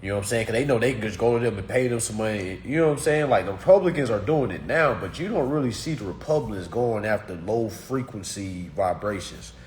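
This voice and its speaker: Animated man ranting to his listeners. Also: on the low side, fast, hardly any pauses, slight background noise. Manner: animated, emphatic, talks straight to listeners. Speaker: commentator. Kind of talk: casual political rant to camera.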